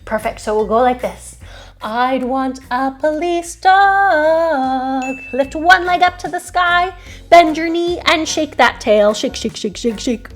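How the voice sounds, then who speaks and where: A woman's voice: high-pitched, animated, normal speed, soft background music. Cheerful woman leading a kids yoga class. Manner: cheerful, encouraging, sings short chants and makes animal and siren sounds. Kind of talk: children's yoga class with sing-along.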